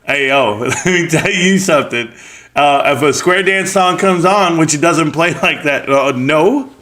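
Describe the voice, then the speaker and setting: A man's voice: fairly high pitch, measured pace, a bit bright. A man hosting a live stream, chatting casually and reading viewer comments aloud with joking banter and frequent laughs.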